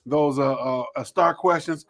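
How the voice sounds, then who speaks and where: A man's voice: a little high, gravelly, fairly bright tone. A man hosting a live sports talk show, chatting loosely with many ums and repeated words. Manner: loose, repetitive, fills pauses with uh.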